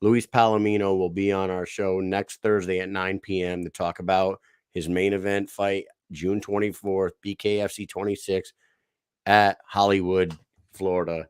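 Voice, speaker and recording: A man co-hosting a fight podcast in loose banter. His voice sits low and he swears and jokes freely. The sound is dry and close. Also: moderate pace, smooth, no room sound. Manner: profane, joking, excitable. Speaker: podcast co-host. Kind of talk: casual chat.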